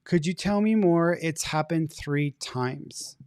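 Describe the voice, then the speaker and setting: Chatty higher-voiced male psychic. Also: slow, clear, resonant tone, no room sound, clean studio sound. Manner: chatty, animated, laughs easily. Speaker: psychic reader, co-host. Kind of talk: live reading, casual chat.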